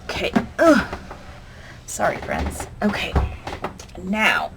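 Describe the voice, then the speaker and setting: A woman's voice: medium pitch, huge pitch swings, takes it slowly. A woman hosting a crafting vlog, chatting casually and humming and muttering to herself as she works. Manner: chatty, hums and mutters to herself while working. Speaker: crafting channel host. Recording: noticeable background noise.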